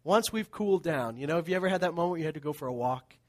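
A middle-aged male pastor preaching a sermon, animated storytelling with laughs that drops to hushed tones. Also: fairly high pitch, racing.

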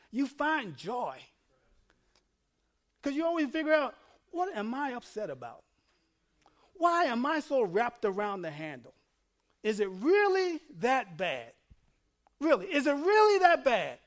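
A male pastor preaching a sermon, dropping to a low murmur and then building to shouting, with frequent laughs. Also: very animated, unhurried, long pauses. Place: church.

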